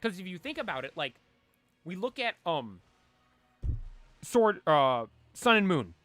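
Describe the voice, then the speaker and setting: A man's voice: high voice, sing-song, a little slow, a bit bright, no room sound. A man chatting casually on a live stream, rambling and talking straight to his chat. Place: cold room at home.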